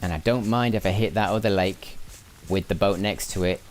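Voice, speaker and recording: A man's voice: deep voice, a little fast, slight background noise. A man from Lancashire with a mixed northern English accent, thinking aloud and chatting with viewers during live gameplay commentary. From Lancashire, England. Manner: musing aloud, chatting with viewers while playing. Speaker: gaming streamer.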